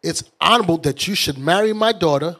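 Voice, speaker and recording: A man leading a bible study, explaining scripture in lively colloquial talk and acting out the characters. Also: fairly high pitch, brisk. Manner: animated, colloquial, acts out characters in street talk. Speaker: bishop teaching scripture.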